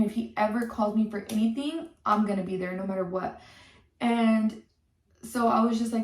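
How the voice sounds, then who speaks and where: A woman's voice: fairly high pitch, far from the mic. A young woman telling a story in a heated, swearing rant, with lots of "like" between her words. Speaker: content creator telling a story. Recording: echoey room, off-mic.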